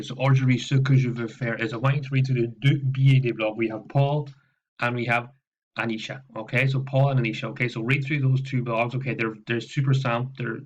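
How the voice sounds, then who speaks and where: A man teaching French in a steady, mid-range voice. He explains patiently, repeats himself and keeps checking in with his students. The recording comes through a laptop mic with a slightly muffled, lo-fi sound. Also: mid-range voice. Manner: explains patiently with frequent "okay" and repetitions. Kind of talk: recorded classroom lesson walkthrough. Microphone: laptop microphone.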